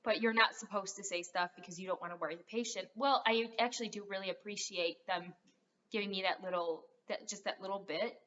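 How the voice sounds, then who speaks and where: A woman's voice: medium pitch, steady tone, a little fast, a bit bright, slight background noise. A young adult woman rambling through a casual vlog, full of fillers as she talks straight to her viewers. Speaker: vlogger. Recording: dull lo-fi sound.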